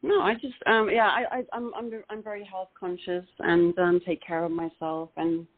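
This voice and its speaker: A woman's voice: fairly low pitch, steady tone, normal speed. British woman guest on a phone-thin line. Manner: friendly, agreeable, laughs along. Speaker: actress guest. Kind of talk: casual interview chat. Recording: phone-like video call audio.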